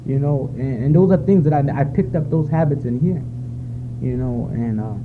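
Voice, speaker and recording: A man's voice: mid-range voice, moderate pace. Man giving a rambling, heartfelt recovery testimony on a tinny, faintly hissy tape. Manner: rambling, heartfelt, full of fillers. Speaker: speaker sharing at a recovery meeting. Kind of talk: personal testimony at a recovery meeting. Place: meeting room at a retreat. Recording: phone-like lo-fi tape with faint noise.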